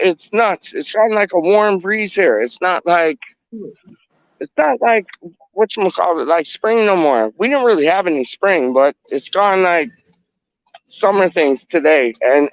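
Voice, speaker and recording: High-voiced slangy East London man. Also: no echo, muffled recording. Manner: slangy, repetitive, hypes people up. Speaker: host chatting with strangers on video call. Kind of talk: casual video chat.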